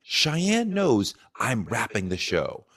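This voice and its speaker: A man, a talk show host, calmly explaining in a measured, storytelling way. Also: medium pitch. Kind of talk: explanatory video commentary.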